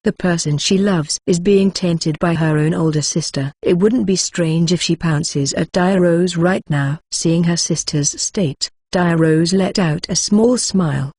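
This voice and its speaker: A synthetic woman's voice narrating a novel in a flat, mechanical way, reading punctuation aloud. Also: fairly low pitch, breathy edge, no echo, studio quality. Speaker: audiobook narrator. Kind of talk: scripted narration.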